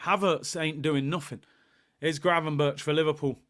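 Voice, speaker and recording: Young guy doing a footy watchalong, bit high, bright punchy voice, yells at the game and reads chat. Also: moderate pace. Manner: excitable, shouts at the match, reads chat messages. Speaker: football watchalong host. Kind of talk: live fan commentary and chat.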